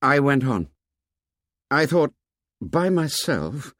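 A man's voice: medium pitch, very animated, slow pace, no room sound, clean studio sound, pitched above the performer's own voice. A man doing Jack, a fierce young hunter. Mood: intense. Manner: clipped, insistent, flaring into shouts. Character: hot-tempered boy hunter, fierce and defensive.

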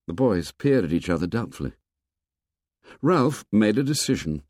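Brief: male audiobook narrator, low voice, very lively pitch, expressive measured reading. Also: dry recording, studio quality. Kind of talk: scripted narration.

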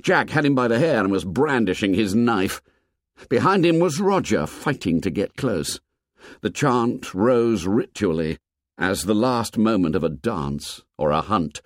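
Man, expressive storyteller, animated delivery, dry close recording. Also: on the low side, a little slow, no room sound. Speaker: narrator. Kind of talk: audiobook narration.

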